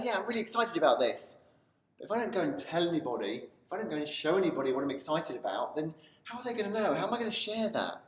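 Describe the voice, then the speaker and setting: A man giving an enthusiastic motivational talk to camera in a video series. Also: a little high. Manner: enthusiastic, building excitement as he talks. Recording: roomy sound from a distance.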